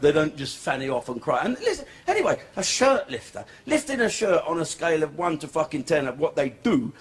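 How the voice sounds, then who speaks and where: A man's voice: fairly high pitch, very animated, brisk. A man doing a crude, swearing stand-up comedy set in a club. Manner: crude, swearing, brash storytelling. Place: comedy club stage before a laughing audience. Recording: live club recording, crowd and noise.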